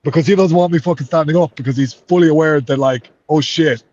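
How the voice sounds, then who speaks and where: Heated Irish fighter, swearing freely. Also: male voice, on the high side, fast, a little mellow, dull audio. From Ireland. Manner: heated, swears a lot, says mate. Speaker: MMA fighter. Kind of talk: interview.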